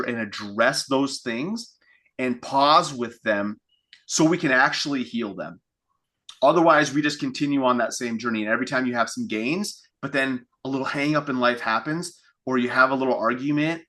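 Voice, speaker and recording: Bright-voiced man coaching reflectively. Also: mid-range voice. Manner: reflective, repeats phrases, thinks aloud with restarts; acts out inner thoughts in quotes. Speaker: fitness coach. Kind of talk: coaching call monologue.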